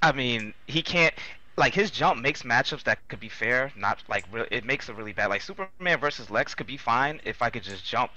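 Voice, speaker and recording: A man's voice: medium pitch, expressive, normal speed, pushed and bright, dull audio. A man who is a guest player in a casual chat, earnest and explaining things in detail.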